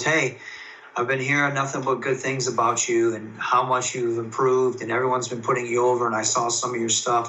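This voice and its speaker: A man, a professional wrestler, telling stories in a casual interview, excitable and rambling with lots of fillers and restarts. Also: medium pitch, recorded from a distance, a little hiss or hum, low-quality recording.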